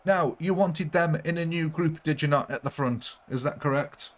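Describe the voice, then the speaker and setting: A young man is livestreaming a strategy game, joking and giggling with his viewers as he chats along. His voice is a little high and moves at a moderate pace.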